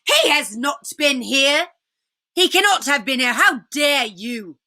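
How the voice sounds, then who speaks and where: Woman playing a cruel witch queen, commanding, scornful, bright voice, storybook reading. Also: a little high, very animated, unhurried, exaggerated voice.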